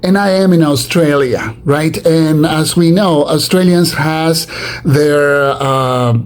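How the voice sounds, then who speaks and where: A man with an Argentine Spanish accent, a native Spanish speaker, chatting with halting speech, fillers and restarts. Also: fairly high pitch. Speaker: host. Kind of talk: casual chat.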